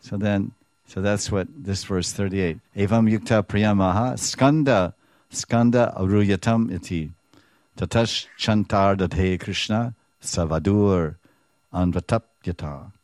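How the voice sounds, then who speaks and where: Low-voiced man giving animated scripture commentary. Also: slow, no room sound. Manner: animated storytelling, acts out dialogue, chuckles often. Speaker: spiritual teacher.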